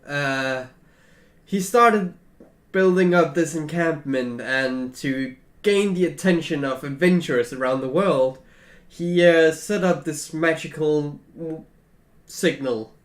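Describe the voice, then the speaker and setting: A man's voice: fairly high pitch, takes it slowly, echoey room. Hesitant man running a tabletop game. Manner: hesitant, many fillers. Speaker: game master.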